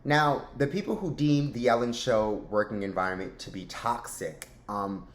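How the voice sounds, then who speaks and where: Chatty joking male vlog host, mid pitch, echoey room. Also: normal speed. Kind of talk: casual commentary. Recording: roomy echo.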